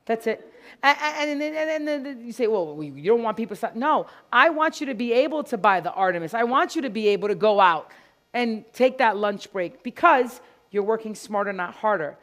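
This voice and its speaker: A woman giving an animated, playful live product demonstration to an audience at a store grand opening event. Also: fairly high pitch, normal speed. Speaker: product educator.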